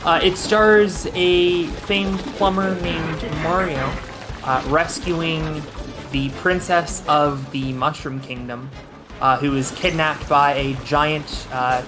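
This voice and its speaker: A man's voice: on the high side, low-quality recording. A man doing casual live commentary on a speedrun, joking and rambling with lots of fillers. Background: game music.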